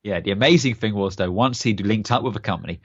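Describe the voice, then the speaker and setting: Rambling low-voiced man, dull dry mic. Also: quick pace, dry recording. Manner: enthusiastic, rambling with many fillers. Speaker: podcast co-host. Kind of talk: casual chat.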